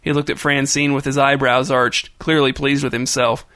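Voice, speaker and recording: A man narrating a story in an even, storytelling manner. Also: mid-range voice, moderate pace, hardly any pauses, no room sound, clean studio sound. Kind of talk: audiobook narration.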